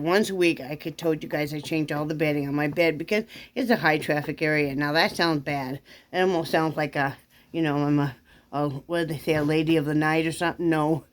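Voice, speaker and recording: Low-voiced chatty woman vlogger. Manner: rambling, chatty, talks baby-talk to her dog. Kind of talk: casual chat to camera.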